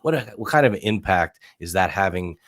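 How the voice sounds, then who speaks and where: A man's voice: deep voice, expressive, normal speed, a bit bright, dry recording. A male podcast host and investor asking a guest long conversational questions with frequent restarts. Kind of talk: interview questions.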